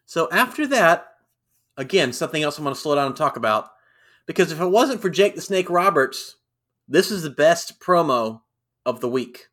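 Bright-voiced man chatting about wrestling. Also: fairly high pitch, normal speed. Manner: animated, acts out quotes in raised voices. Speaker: podcast co-host. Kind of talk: casual wrestling review chat.

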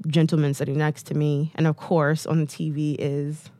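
A woman's voice: low-pitched, level tone, normal speed, dark tone, no echo. Female guest, 30s, from the US, candid storyteller, chatty with frequent fillers, close dry mic. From United States. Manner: chatty, many "like"s and "um"s, acts out quotes.

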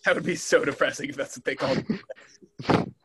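A man's voice: medium pitch, fairly quick, a bit bright, breathy edge, no room sound. A young man co-hosting a podcast in casual chat, telling stories and laughing easily. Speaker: podcast co-host.

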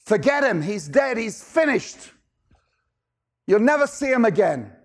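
Guy doing a bitter older brother, scornful, highish voice. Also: sing-song, unhurried, full character voice. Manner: indignant, scornful. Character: resentful older brother, young man, bitter.

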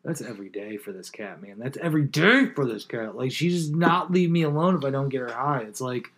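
A man's voice: medium pitch, lively intonation, brisk, a bit bright. A man in his thirties, a podcast co-host in casual chat, rambling through stories with lots of fillers and swearing.

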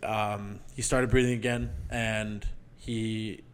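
A man's voice: fairly low pitch, level tone, takes it slowly, slight background noise. A man telling a dramatic personal story in casual chat, rambling with lots of "like" and restarts, emotional enough to get choked up. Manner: rambling, heavy use of "like", restarts often.

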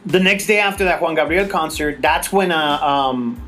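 Male host, forties, casual raconteur, swears, lively quoting voices. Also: normal speed, faint music behind. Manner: animated, acts out quotes in a higher voice; swears freely, laughs while telling stories. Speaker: podcast host. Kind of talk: casual storytelling chat.

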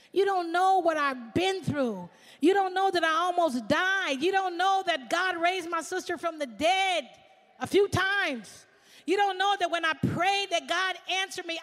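High-voiced preaching woman pastor. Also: long reverb tail. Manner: animated preaching, swings from shouting to hushed. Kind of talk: sermon.

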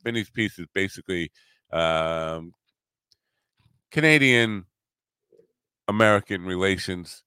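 A middle-aged man hosting a talk radio show, chatting casually and rambling, halting often with fillers and self-deprecating asides. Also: deep voice, sharp tone, clear, resonant tone, no echo, clean studio sound.

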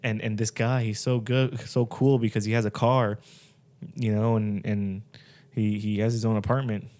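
A man's voice: on the low side, level tone, moderate pace, darkish tone. A man in casual conversation who gives earnest advice and makes his points with rhetorical questions. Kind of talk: casual chat.

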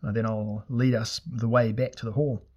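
A man's voice: mid-range voice, level tone, moderate pace, a little mellow, lightly acted. Wary loyal swordsman companion, read by a man.

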